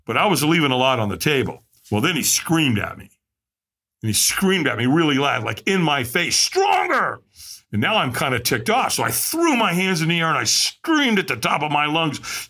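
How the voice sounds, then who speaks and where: A man with a pushed, bright, slightly rough voice recounts his story on a podcast as a guest. His animated storytelling is dramatic, with quotes acted out through big pitch jumps.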